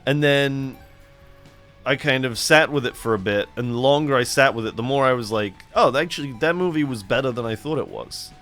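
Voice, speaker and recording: A middle-aged man drifts through loose, rambling gameplay commentary at an ordinary, mid-range pitch. His talk is laid-back and full of chatty asides. Faint game music plays beneath his voice. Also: brisk, fairly bright tone. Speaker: let's play host.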